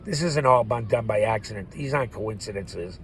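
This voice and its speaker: A man's voice: fairly low pitch, a little fast, a little hiss or hum, low-quality recording. A man rambling through a profane, laugh-filled monologue as a vlogger. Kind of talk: ranting monologue.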